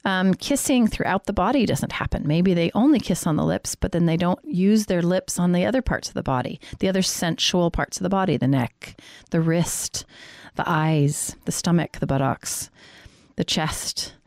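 A woman's voice: on the low side, moderate pace, darkish tone, dry recording. Woman counselor coaching in a dry voice. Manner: earnest, direct coaching talk. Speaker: counselor for couples. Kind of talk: faith-based teaching on marriage intimacy.

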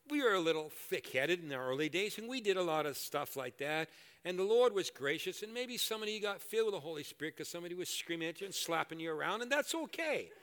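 An older man preaching a sermon and leading prayer in a church, animated and joking at his own expense. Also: high-pitched, quick pace. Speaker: pastor. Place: church hall. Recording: echoey hall reverb.

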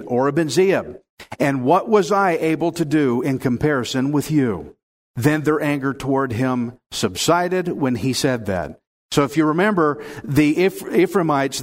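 A man preaching a sermon, talking earnestly and conversationally as he reads and explains scripture and acts out voices. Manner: drops low and soft in prayer. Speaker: pastor teaching the Bible. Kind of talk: sermon with prayer and Bible reading.

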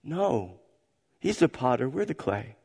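A man preaching a sermon as pastor, emphatic and repetitive, swinging between loud and hushed. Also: mid-range voice, sing-song, unhurried, creaky, husky. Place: church sanctuary. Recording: church hall reverb.

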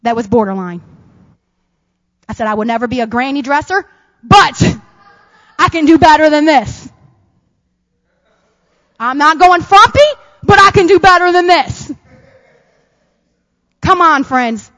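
A high-pitched woman preaches to a congregation, her voice carrying a long reverb through a large hall. She swings from loud, punchy emphasis to soft, quiet asides. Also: animated, a little slow, pauses often. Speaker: pastor. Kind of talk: sermon.

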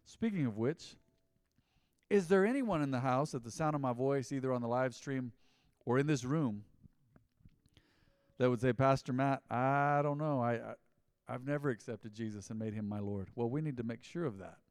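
Pastor preaching in a big hall. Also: male voice, medium pitch, moderate pace, clear, resonant tone, clean studio sound. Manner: conversational preaching, swings from loud emphasis to quiet asides. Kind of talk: mid-week sermon. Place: church sanctuary. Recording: long reverb of a large church hall.

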